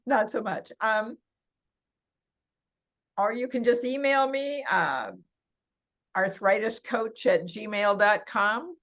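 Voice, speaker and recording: A woman's voice: a little high, very slow, long pauses, fairly bright tone. An older woman talking as a podcast guest about massage work for seniors, chatty and laughing often as she tells stories. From California. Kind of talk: casual interview chat.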